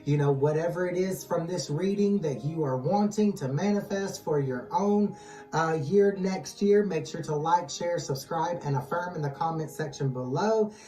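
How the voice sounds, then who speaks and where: A tarot channel host leading a reading, calm and steady, repeatedly calling on guides, angels and ancestors. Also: medium pitch, normal speed. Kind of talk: tarot reading, casual chat. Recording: echoey distant mic with music underneath.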